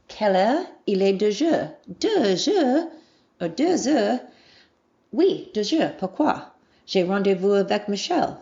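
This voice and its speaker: A woman's voice: deep voice, vocal fry, dull audio. A woman in her late forties from the United States, rambling through a casual solo podcast with lots of ums and self-corrections. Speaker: podcast host.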